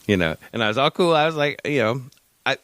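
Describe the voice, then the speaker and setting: A man's voice: mid-range voice, expressive, fast talker, fairly bright tone, dry recording. A middle-aged man co-hosting a casual podcast, rambling through a story, losing his thread and cracking jokes. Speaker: podcast co-host. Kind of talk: casual chat.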